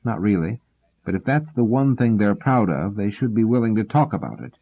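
Wry scholarly man, read by a husky narrator. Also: fairly low pitch, expressive, fairly quick. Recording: tinny phone-like sound.

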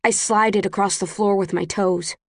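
A woman reads a first-person audiobook in a measured, tense storytelling manner. Her voice sits at an everyday middle pitch, and the recording is dry and close, with no room sound. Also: fairly even intonation, no echo. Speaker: audiobook narrator.

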